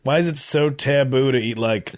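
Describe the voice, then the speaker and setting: A man's voice: mid-range voice, moderate pace, no echo. Man, podcast co-host, casual comedic chat, dry close sound, acts out quotes. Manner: animated, swears, acts out quoted voices.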